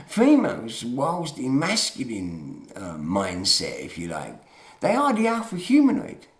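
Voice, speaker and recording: A man's voice: mid-range voice, huge pitch swings, unhurried, roomy sound. A tired man ranting emotionally in a late-night monologue, often calling the listener "mate". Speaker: online talker.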